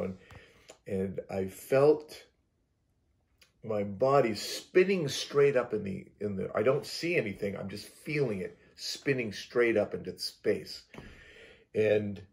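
A man who works as a hypnotherapist recounts his experience in rambling first person, repeating and restarting words and acting out his own reactions. His voice is fairly low and mellow.

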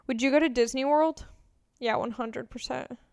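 High, crisp-voiced young woman rambling. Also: moderate pace, darkish tone, dry recording, clean studio sound. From California. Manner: rambling, crude and candid, lots of "like". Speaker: podcast host. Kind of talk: casual chat answering questions.

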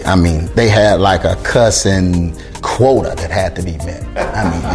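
In a low-pitched voice at a measured pace, a middle-aged man who works as a music producer shares his story in conversation. His retelling is lively, and he acts out the quoted dialogue in the voices of the people involved.

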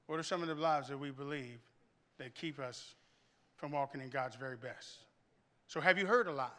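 A man preaching a sermon in church and telling animated stories, often restarting his sentences and throwing questions out to the congregation. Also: medium pitch, moderate pace. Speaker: pastor.

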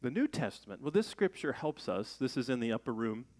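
Middle-aged male pastor, mid-pitched voice, chatty sermon delivery with punchy emphasis. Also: very animated, brisk, darkish tone. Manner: conversational, rhetorical questions, rising emphasis.

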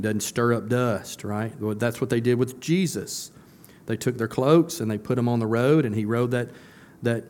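A male pastor preaching a sermon, often asking the congregation questions and answering them himself. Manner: builds to a louder, higher emphatic close.

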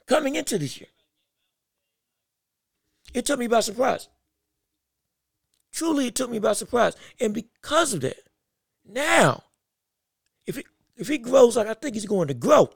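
A woman's voice: on the high side, creaky, dry recording, studio quality. A woman sports vlogger giving casual commentary, talking emphatically and repeating phrases for emphasis.

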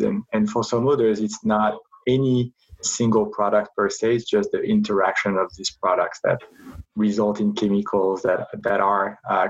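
Husky, low man, earnest founder in an interview, hesitant, lo-fi audio. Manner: hesitant, many "uh" fillers, earnest explaining. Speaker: company founder, podcast guest. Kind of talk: interview answers.

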